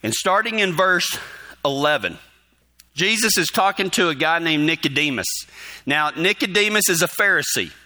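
A male pastor spins a folksy story in his sermon, his fairly high voice cutting through with a very bright, sharp edge. He chuckles often as he talks. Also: lively intonation, moderate pace.

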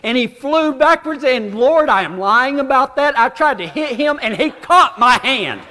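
A man preaching a storytelling sermon, folksy and self-deprecating, with dramatic pauses. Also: extremely high pitch, lively intonation, sharp tone, slight background noise. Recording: long hall reverb.

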